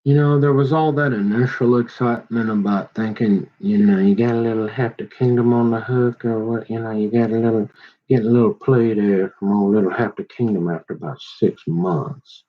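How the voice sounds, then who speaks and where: A man's voice: fairly low pitch, normal speed. A man rambling casually in a slangy, digressive monologue, slipping into little imagined voices. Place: at home. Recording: dull lo-fi sound.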